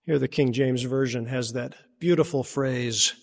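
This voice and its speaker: A pastor preaching a sermon, moving between strong declarations and quiet, hushed passages. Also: male voice, medium pitch, fairly even intonation, unhurried, gravelly, few pauses, long reverb tail. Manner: dramatic shifts between strong and hushed delivery.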